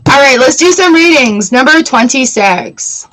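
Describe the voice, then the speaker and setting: A woman's voice: high-pitched, animated, a little slow, fairly bright tone, a little hiss or hum, poor audio. A middle-aged woman hosting a casual live tarot reading, chatty and given to giggling as she talks to viewers. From Canada. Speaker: tarot reader livestream host.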